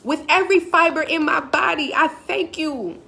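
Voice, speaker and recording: A woman's voice: sits high, moderate pace, creaky, sharp tone. A woman motivational speaker on a live stream, talking emphatically and repetitively in a preacherly way.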